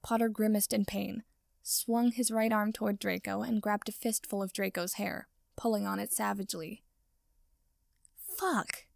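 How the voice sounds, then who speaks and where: A woman reads a story aloud in steady, even narration, at a middling pitch. Her voice carries a gravelly fry, and the sound is dry and close, with no room echo. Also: normal speed. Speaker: reader. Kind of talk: reading fan fiction aloud.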